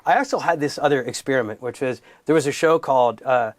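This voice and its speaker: A man's voice: mid-range voice, fast talker, dry recording. Punchy comedian man, dry close sound. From United States, raised in Los Angeles. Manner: animated, punchy storytelling with comic emphasis. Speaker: comedian guest. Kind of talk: candid conversational interview.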